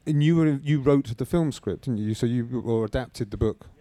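A man's voice: medium pitch, moderate pace, dark tone, no room sound. A man interviewing a writer, asking questions with stumbles and rephrasing.

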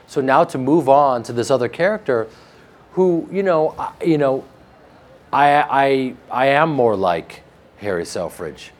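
A man with a flat Midwestern American accent, a guest actor telling joking stories in a casual interview. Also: mid-range voice, unhurried. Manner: joking, animated storytelling with laughs.

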